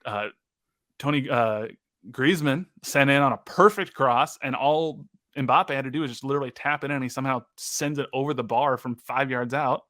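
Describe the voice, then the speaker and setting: A young man co-hosting a casual sports podcast, recapping soccer matches play by play with quick asides. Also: medium pitch, a bit bright, no room sound, clean studio sound. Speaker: co-host.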